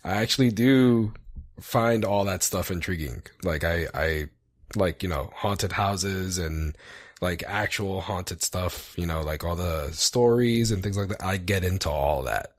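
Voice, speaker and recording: A man co-hosting a podcast, his voice very low and his tone relaxed and rambling, full of fillers. The sound is close and dry, with no room around it. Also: unhurried, no room sound. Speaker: podcast co-host. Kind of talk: casual chat.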